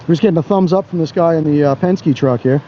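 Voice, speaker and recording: Blunt high-voiced man narrating. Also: fast, mellow, lo-fi sound, a little hiss or hum. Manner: blunt, profane, mocking. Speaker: camera-carrying auditor. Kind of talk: narrating while filming outdoors.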